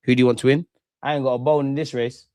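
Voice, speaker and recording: A man's voice: medium pitch, quick pace, clear, resonant tone, dry recording. Banter-heavy young man streaming. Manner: excitable, banter-heavy, trash-talking. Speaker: streamer hosting a football watch-along. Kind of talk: casual live commentary, chatting with viewers.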